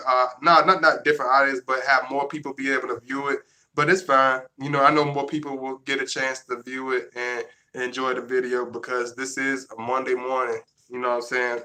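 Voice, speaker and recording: A man's voice: mid-range voice, sharp tone. A man, talking casually to his viewers in a rambling, repetitive way that keeps restarting sentences. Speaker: vlogger. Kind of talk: casual monologue to camera.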